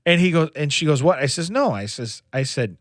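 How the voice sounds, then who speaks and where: A middle-aged podcast co-host tells a long family story in casual chat, restarting often and saying "you know" a lot. His voice is a little high, animated and brisk, captured in a dry, clean studio recording.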